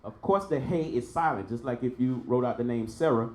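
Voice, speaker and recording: A man's voice: medium pitch, a little fast, darkish tone, reverberant. A man teaching a Hebrew class, patiently repeating each sound for his student. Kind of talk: online language lesson.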